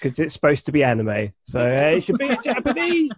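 A man co-hosting a podcast in casual chat, joking and lively, on a dull lo-fi recording. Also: fairly high pitch, fairly quick, a crowd in the background.

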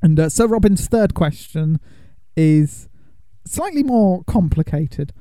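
A man's voice: high-pitched, big pitch swings, slow pace, hardly any pauses, warm tone, dry recording. A man co-hosting a podcast, casually and playfully recapping a film and slipping into silly voices. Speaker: podcast co-host.

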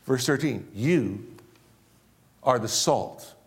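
A male pastor preaching a sermon, repeating key phrases and swinging between loud emphasis and low, slow drops. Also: animated.

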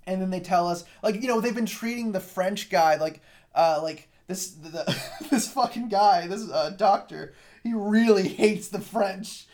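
A man's voice: high voice, measured pace, a little mellow. A man co-hosting a casual movie review chat, sarcastic and crude, laughing often. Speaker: podcast co-host.

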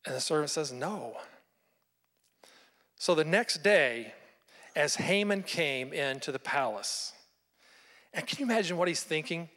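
A man delivers a sermon, retelling a scripture story with animated storytelling and frequent rhetorical questions. His voice sits slightly high for a man. It carries with a long reverb, as in a large hall. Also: unhurried, pauses often. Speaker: pastor.

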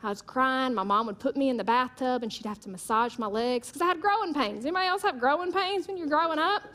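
A woman delivers a sermon in a high, bright voice. She makes emphatic repeated declarations and mixes in humorous stories. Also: quick pace. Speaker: preacher.

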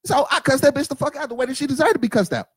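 A man's voice: extremely high pitch, rapid-fire, a bit bright, no room sound. A young adult man in heated casual podcast chat, cursing emphatically and talking over the others. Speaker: podcast co-host.

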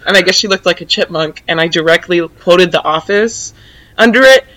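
Young woman, dry self-mocking storyteller, rambling casual chat, bright tone. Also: lowish voice, normal speed, poor audio. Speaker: guest.

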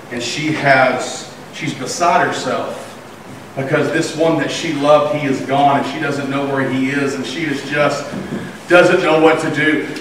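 A man's voice: fairly high pitch, fairly bright tone, slight background noise. A man preaching a sermon as pastor, telling stories animatedly and acting out the voices of the people in them. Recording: echoey room from far off.

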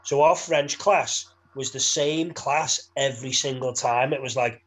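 A man's voice: medium pitch, measured pace, fairly bright tone, rough recording. Laddish young Liverpool man bantering. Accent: Liverpool English. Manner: laddish, swears freely, laughs a lot. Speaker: podcast co-host. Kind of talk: casual banter.

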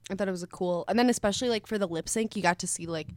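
A woman's voice: mid-range voice, very fast, no echo. Playful young woman chatting casually. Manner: chatty, playful, hedging with like and kinda. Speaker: podcast co-host. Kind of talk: casual chat. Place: small studio.

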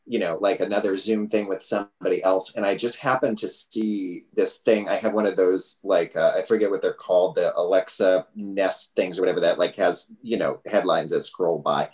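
A man's voice: deep voice, normal speed, few pauses. A man hosting a podcast, talking casually and rambling with lots of fillers. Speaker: podcast host. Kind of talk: casual chat.

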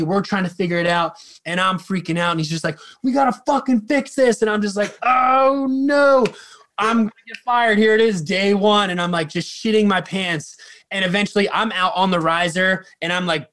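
High-voiced man telling a backstage story. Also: fairly bright tone. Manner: rambling, lots of fillers and swearing. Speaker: drum tech, guest. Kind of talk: casual storytelling.

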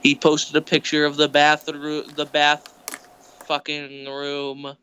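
Blunt man with a higher voice. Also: monotone, moderate pace, pushed and bright, highs cut off, a little hiss or hum. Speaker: podcast co-host. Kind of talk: casual chat, reading posts aloud.

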